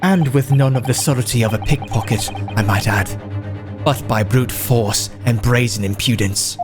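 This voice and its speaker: A man's voice: mid-range voice, normal speed, pitched below the performer's own voice, close to an everyday voice. A man voicing a haughty, contemptuous aristocratic prosecutor in grand, formal courtroom speech, with game music behind. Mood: scornful. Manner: pompous, formal courtroom oratory.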